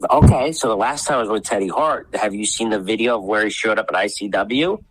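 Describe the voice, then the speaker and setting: A man's voice: on the low side, a little fast, background noise. A man telling wrestling backstage stories on a podcast, rambling and acting out the people he quotes, with some swearing. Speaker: wrestling promoter guest. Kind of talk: casual podcast storytelling.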